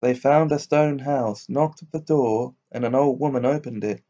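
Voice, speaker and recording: A man reads an old fairy tale aloud, steady and unhurried, in a mellow, dark voice. The recording sounds dull and lo-fi, as if made at home. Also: medium pitch. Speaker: storyteller.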